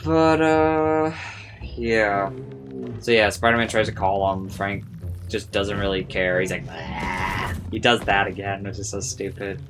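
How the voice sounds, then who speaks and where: A man's voice: lowish voice, a little slow, over music. A young man giving casual, rambling commentary over gameplay, saying "like" a lot and swearing freely. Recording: steady background noise.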